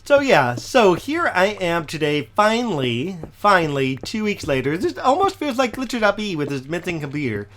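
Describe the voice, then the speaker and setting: Chatty, slightly hoarse young-sounding man. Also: high-pitched, very animated, moderate pace, few pauses, a little hiss or hum. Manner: chatty, rambling, with frequent "okay?" tag questions. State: slightly hoarse, recovering from a cough. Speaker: Minecraft let's player. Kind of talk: casual gameplay commentary.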